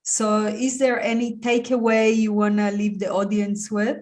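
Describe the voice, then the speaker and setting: Woman host closing out an interview, soft-spoken, encouraging. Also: mid-range voice, flat delivery, unhurried. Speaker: podcast host. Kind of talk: interview wrap-up chat.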